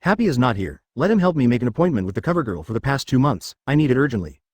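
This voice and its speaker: A man's voice: mid-range voice, very animated, breathy edge, no echo, studio quality. A man voicing a brash, rich playboy inventor who talks rudely and in a hurry. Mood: bossy. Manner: rude, bossy, hurried.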